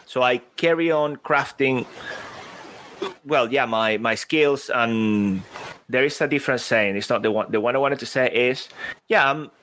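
Accented male guest; animated, chatty, thinks aloud in a relaxed interview. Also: medium pitch, unhurried, slight background noise. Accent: non-native English accent. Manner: animated, laughs easily, thinks aloud with restarts. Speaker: podcast guest, public speaker. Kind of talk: casual interview talk.

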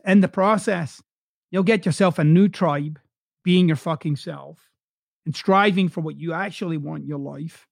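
A man's voice: high voice, creaky, no echo, clean studio sound. Blunt Scottish man hosting a podcast. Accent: softened Glasgow Scottish. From Scotland. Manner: blunt, swears freely, direct coaching tone. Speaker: podcast host. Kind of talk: motivational podcast monologue.

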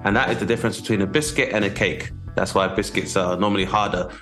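A man's voice: on the low side, steady tone, quick pace, a bit bright, faint music behind. A man hosting a comedy podcast, riffing in a loose, jokey, rambling way. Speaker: podcast host. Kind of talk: casual comedy podcast chat.

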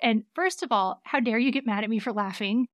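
A woman attorney co-hosting a casual podcast, chatty and quick to laugh at herself, with a faint Southern accent she mostly hides. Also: fairly high pitch, fairly bright tone, no room sound, studio quality. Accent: Southern American, mostly hidden. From American South. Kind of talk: casual legal podcast chat.

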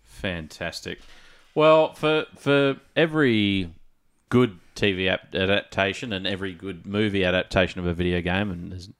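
A man with a deep, low voice, chatting on a gaming podcast. He tells stories with an easy, chatty manner and breaks into laughter at his own jokes. His delivery is relaxed and conversational. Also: moderate pace, clear, resonant tone. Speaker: podcast co-host. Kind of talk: casual gaming podcast chat.

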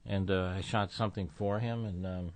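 A man, a guest comedian in a casual interview chat, speaking slowly and deliberately with halting pauses and fillers. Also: deep voice, steady tone, no echo.

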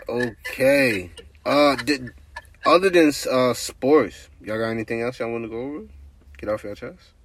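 A man's voice: mid-range voice, measured pace. Laid-back man hosting a podcast. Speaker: podcast host. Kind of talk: casual chat.

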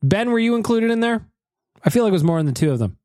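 An easygoing podcast host chats and teases, laughing often. His voice is a little higher than usual and rises and falls in a lively way. The sound is close and dry. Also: fast talker, no room sound. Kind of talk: casual podcast chat.

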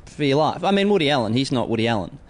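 A man's voice: medium pitch, big pitch swings, rapid-fire. A man, a stand-up comedian guest on a podcast, laid-back and wry. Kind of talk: casual podcast chat.

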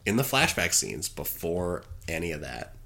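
A man's voice: sits low, very animated, creaky, heavy background noise. A man co-hosting a podcast, earnestly defending his view of a movie in casual chat, often restarting his sentences. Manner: insistent, earnest, halting with restarts. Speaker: podcast co-host.

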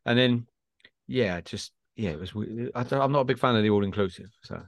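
A man, hosting a football podcast and telling rambling, animated stories full of restarts. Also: medium pitch, fairly quick, creaky, dry recording. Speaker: podcast host. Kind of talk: casual football podcast chat.

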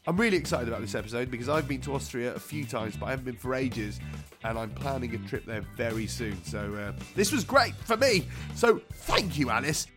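A man's voice: medium pitch, animated, a little fast. A man hosting a comedy podcast, chatty and upbeat with jokey asides. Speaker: podcast host. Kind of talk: podcast intro and interview. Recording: music bed behind voice.

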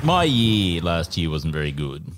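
A very deep-voiced man drops dry, deadpan jokes into relaxed podcast banter. His pitch swings widely even as his delivery stays flat and understated. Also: measured pace, very noisy. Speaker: podcast co-host. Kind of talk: casual comedic banter.

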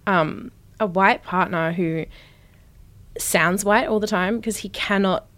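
A woman's voice: medium pitch, slow, fairly bright tone. A woman co-hosting a podcast in casual chat, teasing her co-host, swearing freely and laughing often. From Australia.

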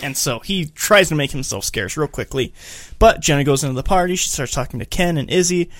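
A man co-hosting a casual film-discussion podcast, recapping scenes in an animated way. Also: a little high, a little fast, dry recording, studio quality. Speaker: podcast co-host.

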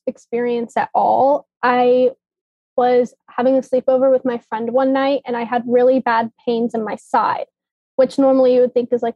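A woman's voice: fairly high pitch, warm tone, dry recording. A young woman casually telling her own health story, matter-of-fact, with many likes. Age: young adult. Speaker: guest, daughter. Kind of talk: personal storytelling. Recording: dull, dry sound.

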